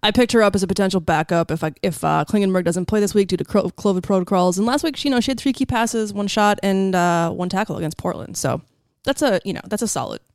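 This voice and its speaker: A woman co-hosting a casual sports podcast, speaking in a measured, skeptical way. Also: mid-range voice, a little mellow, no room sound, clean studio sound. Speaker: podcast co-host.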